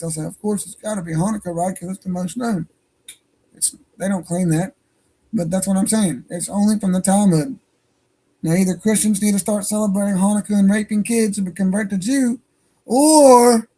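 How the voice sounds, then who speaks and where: A man's voice: sits high, warm tone. A man hosting an online radio show, talking in a profane, rambling and heated way. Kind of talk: casual ranting monologue. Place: home studio for an online stream.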